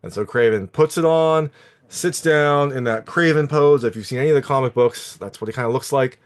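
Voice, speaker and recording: A man's voice: medium pitch, fairly quick. A man talking casually as a film reviewer, recapping a plot in a chatty, meandering way with many fillers. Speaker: movie reviewer.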